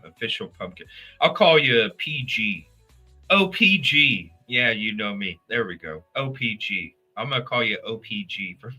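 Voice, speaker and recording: A middle-aged man hosts a casual true crime livestream. He greets his chat by name and rambles in a profane, animated way. His voice is very bright and forceful, with faint music under it. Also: lowish voice, breathy edge. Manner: animated, profane, talks straight to chat viewers.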